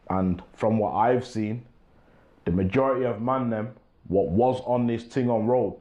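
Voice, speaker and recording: A man's voice: mid-range voice, warm tone, lo-fi sound. A young man from England talks casually, hosting his own show and often asking "you get me". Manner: laid-back, repeats "you get me" often. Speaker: talk show host. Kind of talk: casual monologue to camera.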